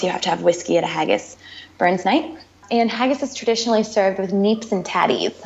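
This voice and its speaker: Speaking in a lowish, creaky voice, a woman guests on a podcast and explains things chattily in a casual interview, often repeating herself. The sound is dull and lo-fi.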